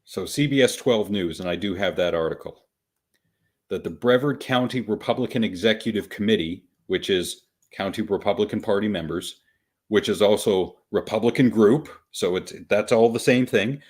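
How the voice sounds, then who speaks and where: A man's voice: fairly low pitch, darkish tone, slightly rough. A man hosting a podcast, wryly and patiently walking listeners through a news story, step by step. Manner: wry, patient, explains slowly and deliberately. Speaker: podcast host. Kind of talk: casual podcast commentary.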